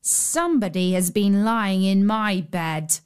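A woman voicing a middle-sized male bear in a plain, even voice in a storybook reading. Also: mid-range voice, slow, smooth, natural voice. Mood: puzzled.

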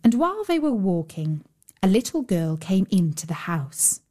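A woman narrating a children's fairy tale in a gentle, measured storytelling voice. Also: mid-range voice, sing-song. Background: faint fiddle music.

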